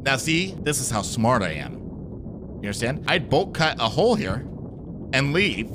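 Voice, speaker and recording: A man's voice: medium pitch, big pitch swings, moderate pace, background noise. A man giving nervous, joking commentary while playing a horror game, jumpy and easily startled. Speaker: gaming streamer.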